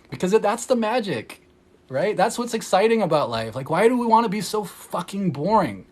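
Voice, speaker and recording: A man talking into his phone on a casual livestream, his voice sitting a touch high. He rambles loosely, full of "like," laughs often and swears freely when he gets fired up. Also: very animated, moderate pace, a little mellow. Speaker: energy healer.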